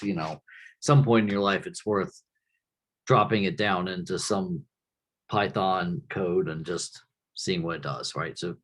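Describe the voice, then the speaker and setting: A man giving a classroom lecture in a relaxed, conversational way, often checking in with the class by asking "right?". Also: low voice.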